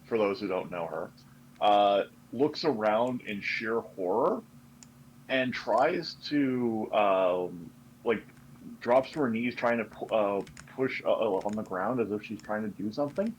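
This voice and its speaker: Man, lowish voice, hesitant, tabletop game player, faint background hiss. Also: lively intonation, unhurried, rough recording. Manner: hesitant, many fillers. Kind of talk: narrating character actions in a tabletop game.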